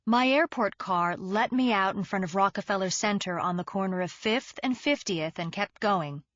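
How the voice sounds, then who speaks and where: A woman narrating an audiobook in the first person, in an even storytelling manner. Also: medium pitch, no echo. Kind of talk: scripted narration. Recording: dull dry studio recording.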